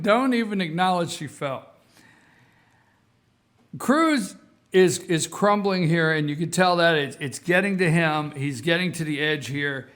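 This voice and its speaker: A man's voice: a little high, a little slow. A man hosting a talk show, giving casual political commentary and repeating himself for emphasis. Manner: animated, repeats himself for emphasis, addresses folks.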